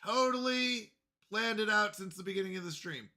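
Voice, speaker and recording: A man's voice: high voice, moderate pace, bright, forceful tone. A man livestreaming a game, talking casually to his chat in a flustered, apologetic way and repeating himself. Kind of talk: casual live gaming stream chat.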